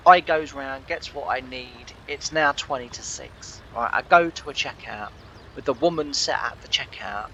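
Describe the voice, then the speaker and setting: A man's voice: medium pitch, normal speed, pushed and bright, dull audio, a little hiss or hum. A tired man telling a rambling, exasperated story in a casual way. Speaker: gaming channel host.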